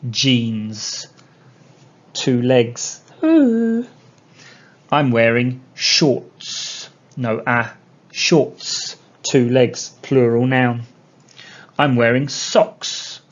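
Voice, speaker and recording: A man teaching an English lesson to young learners, explaining slowly and repeating key words. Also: mid-range voice, steady tone. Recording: dull lo-fi sound.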